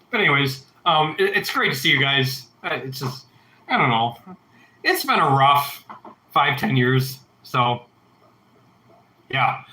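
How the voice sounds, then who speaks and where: Man, 30s, livestream host; rambling, profane, sharp bright tone, echoey room. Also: fairly high pitch. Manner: rambling, heavy swearing, reads chat aloud. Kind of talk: casual livestream chat.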